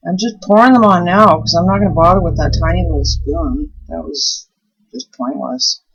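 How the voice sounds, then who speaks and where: A woman's voice: fairly low pitch, normal speed, creaky, breathy edge. A woman chatting casually while making soap, telling stories and easily delighted. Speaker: soap maker and channel host. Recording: dull, muffled recording.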